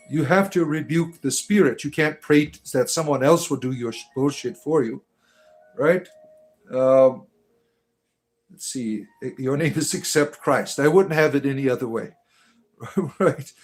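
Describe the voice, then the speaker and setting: A man hosting a satirical livestream, reading comments aloud and answering them with sarcastic taunts and mock-grandiose proclamations. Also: medium pitch. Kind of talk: mocking comedic livestream commentary.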